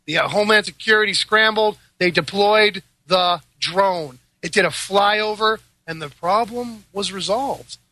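A man's voice: high voice, measured pace, hardly any pauses, pushed and bright, no echo. A man hosting a casual talk show, telling stories with sarcastic asides and frequent laughs. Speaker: podcast host. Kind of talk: casual chat.

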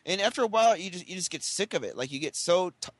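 A man's voice: high voice, expressive, quick pace, no echo. A man in casual chat who explains himself defensively, stumbling and restarting his words.

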